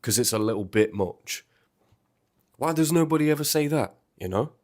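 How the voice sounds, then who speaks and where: A man hosting a music reaction video, chatting in an animated, rambling way and swearing freely. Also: mid-range voice, moderate pace. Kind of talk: casual reaction commentary.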